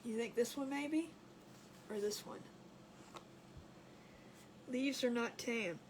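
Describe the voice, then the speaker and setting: Giggly high-voiced woman hosting a craft stream. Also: takes it slowly, slight background noise. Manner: giggly, chatty, reads viewer comments aloud. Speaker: craft livestream host. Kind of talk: casual live crafting chat with viewers.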